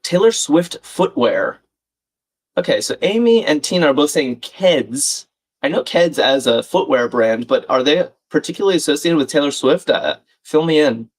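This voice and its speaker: Animated and slightly high-pitched, this man talks at a moderate pace as he solves crosswords on a livestream. He thinks aloud, chats casually, and reads viewers' comments.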